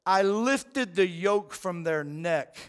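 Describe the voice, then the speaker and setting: A man's voice: high-pitched, expressive, slow pace. A man preaching a sermon as pastor, earnest and conversational, often repeating words as he goes.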